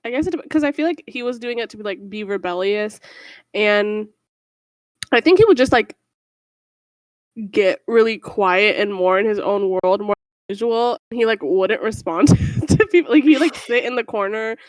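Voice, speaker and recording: A woman's voice: mid-range voice, expressive, dry recording. A young woman co-hosting a podcast, chatting casually, laughing often and acting out characters' lines. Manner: giggly, acts out characters in quick quoted voices. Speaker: podcast co-host. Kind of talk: casual chat.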